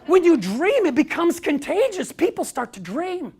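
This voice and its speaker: A man's voice: very high-pitched, very animated, moderate pace, darkish tone. An American man giving an inspirational talk, telling stories and acting out what people said. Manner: storytelling, acts out quoted voices. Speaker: speaker.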